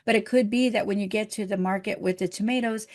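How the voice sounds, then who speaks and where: A middle-aged woman minister giving a gentle, encouraging, conversational sermon. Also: medium pitch, steady tone, fast.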